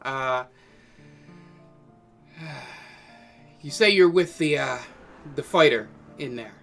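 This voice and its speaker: A man voicing a gruff, very fit older male fight boss in a tabletop game, loud and blustery. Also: medium pitch, slow, soft background music. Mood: scheming.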